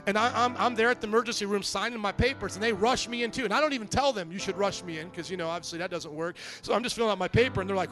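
A man with a fairly high voice preaches to his church, animated and storytelling, slipping into little acted voices. Soft music sits faintly behind him. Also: fast talker, few pauses. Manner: lively storytelling, acts out quoted voices. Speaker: pastor. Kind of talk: sermon.

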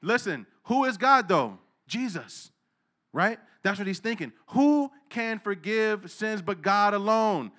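A man preaching a sermon in a casual, slangy way, asking the listeners questions and swinging between low asides and loud, emphatic preaching. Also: big pitch swings, slow pace. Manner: casual street slang, asks the crowd questions.

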